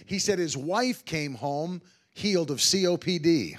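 High-voiced fervent revival preacher. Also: male voice, lively intonation, moderate pace, a bit bright. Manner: fervent, exclaims hallelujah, quotes others in his own voice. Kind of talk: testimony-driven sermon storytelling.

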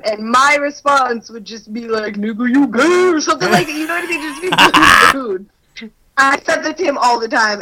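A woman's voice: a little high, sharp tone, low-quality recording. A young woman telling stories in casual chat, crude and self-mocking, laughing often as she talks.

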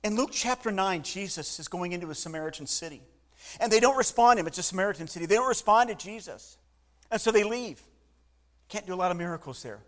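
A man delivering a sermon with a somewhat high voice. He preaches in an animated way, repeats words as he restarts his thoughts, and puts on the voices of people in the story as he tells it. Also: fast. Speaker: pastor.

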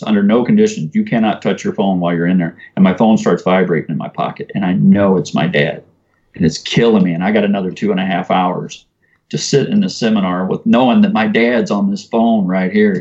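A man with a somewhat low voice tells a personal story in an earnest, conversational way. He fills his talk with casual asides. The recording sounds a little muffled and lo-fi. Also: moderate pace, a little mellow. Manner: earnest, conversational, uses "you know" and "man". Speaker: podcast guest.

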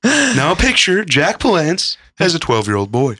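A man in casual chat who drops quick jokes and asides. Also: on the high side, wildly swooping pitch, sharp tone, breathy edge, no room sound. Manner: quips and interjections.

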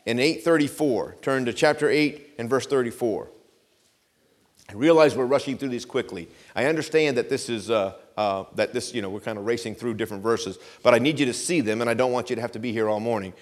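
A man from the United States preaching a sermon. He swings from loud, rising preaching to hushed, earnest pleading, and reads scripture in a slow, measured cadence. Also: medium pitch. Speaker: pastor.

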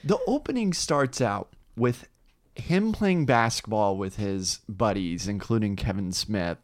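A man co-hosting a casual chat, telling stories in an animated, ranting way. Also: fairly low pitch, measured pace, dry recording.

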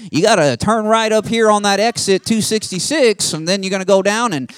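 A man putting on a loud folksy Southern country dude. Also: sits high, fairly quick, clean tone, no echo, pitched above the performer's own voice, close to an everyday voice.

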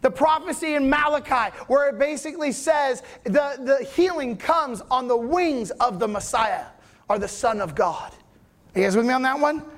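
A man with a very high voice delivers a conversational sermon as a pastor. He keeps asking his listeners whether they follow. He slips into the voices of people in the story as he tells it. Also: normal speed, a bit bright. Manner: conversational preaching, checks in with listeners often.

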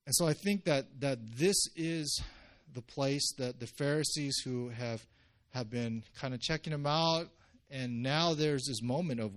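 A male pastor giving a conversational sermon, jumping his pitch up when he acts out quotes. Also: measured pace.

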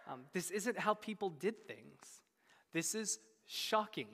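A pastor preaching a sermon with animated storytelling, often repeating words as he starts sentences. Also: takes it slowly, in a large hall. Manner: animated storytelling, voices quoted speakers with big pitch jumps.

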